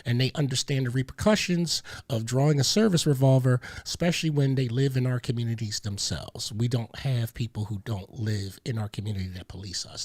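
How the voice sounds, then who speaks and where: A man's voice: medium pitch, darkish tone. An older man hosting a radio talk show, speaking emphatically and insistently, often talking over the others. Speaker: host.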